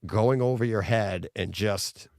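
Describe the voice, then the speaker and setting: A man co-hosting a podcast in casual chat, talking in a rambling, excitable way with many restarts. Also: fairly low pitch, a little slow, dry recording, clean studio sound. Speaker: podcast co-host.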